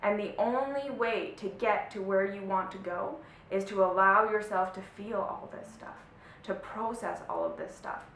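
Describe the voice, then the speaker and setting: A woman spiritual life coach teaching to camera in an emphatic, motivational way, often checking in with her listeners. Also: fairly bright tone. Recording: echoey room with faint low rumble.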